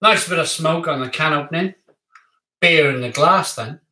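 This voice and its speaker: A man reviewing craft beer on a live stream in casual, excitable chat with his viewers. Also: on the high side, moderate pace, recorded from a distance. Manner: chatty, excitable, talks to viewers. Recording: echoey room, off-mic.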